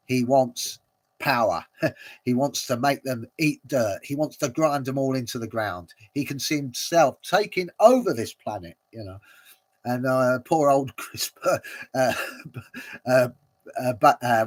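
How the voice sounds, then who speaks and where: A man hosting a watch-along, commenting casually and rambling with many fillers and frequent chuckles. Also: mid-range voice.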